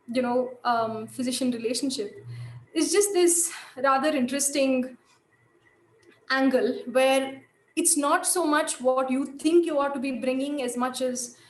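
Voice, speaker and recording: A woman's voice: sits high, roomy sound, low-quality recording. A woman giving a lecture, telling a case story thoughtfully with many fillers and restarts.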